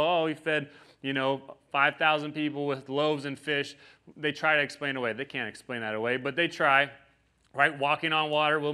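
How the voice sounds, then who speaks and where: A man's voice: a little high, pushed and bright. A pastor giving a conversational sermon, often checking in with his listeners by asking "right?".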